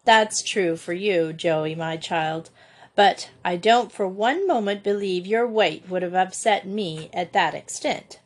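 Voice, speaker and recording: A woman's voice: lowish voice, takes it slowly. A woman doing an indignant older sister. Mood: teasing. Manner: indignant, teasing.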